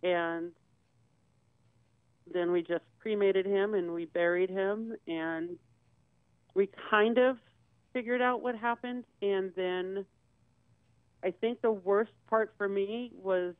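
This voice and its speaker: A woman guest recounts a personal story, acting out each back-and-forth line of dialogue as she goes. Her voice is smooth and clear. It comes through a narrow, phone-like line with a dry, close sound. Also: mid-range voice, steady tone, slow, long pauses, dry recording. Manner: retells conversations with quoted dialogue.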